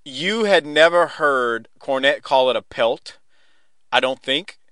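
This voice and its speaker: A man's voice: mid-range voice, expressive, sharp tone, clean tone, dry recording, clean studio sound. Laughing, swearing man hosting a podcast. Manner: laughs often, swears freely, talks in quick rambling restarts. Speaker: podcast host. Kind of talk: casual podcast chat recapping a wrestling show.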